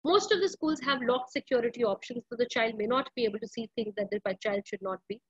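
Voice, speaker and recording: A woman's voice: a little high, quick pace, husky, no echo, dull audio. A woman speaking earnestly to parents at an online school workshop, often pleading and using many fillers. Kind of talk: parenting workshop talk over a video call.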